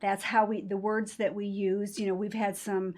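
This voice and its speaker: A woman's voice: medium pitch, flat delivery, moderate pace, darkish tone. A woman trainer in an interview, explaining points emphatically and acting out quoted lines. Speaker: patient-experience trainer. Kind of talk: interview conversation.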